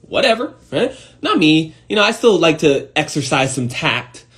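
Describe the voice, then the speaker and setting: Man, fairly high voice, lively swooping delivery, casual profane motivational rant to camera. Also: normal speed. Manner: profane, animated, emphatic, talks to viewers directly. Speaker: host of an Instagram live talk. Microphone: phone.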